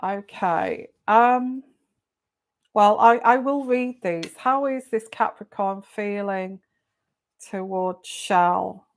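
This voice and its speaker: A woman is hosting a live tarot reading and talks in a slow, unhurried way. She chats easily, greets viewers by name and repeats their questions aloud as she draws the cards. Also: medium pitch. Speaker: tarot reader.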